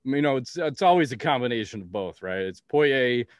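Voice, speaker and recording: A man's voice: medium pitch, animated, a little fast, dry recording. Man, podcast host, casual chat, blunt, profane, dry sound.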